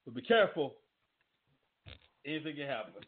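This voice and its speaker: A man's voice: a little high, very animated, normal speed. Emphatic man, tinny sound. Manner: loose, emphatic, repetitive rhetorical questions. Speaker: wrestling talk host. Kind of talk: casual commentary with ad reads. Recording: tinny phone-like audio.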